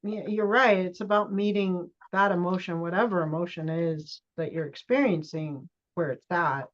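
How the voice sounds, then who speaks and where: A woman's voice: lowish voice, moderate pace, lo-fi sound. A woman guest talking reflectively over a remote call, thinking aloud with small restarts. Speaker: coaching client and guest. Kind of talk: casual conversation.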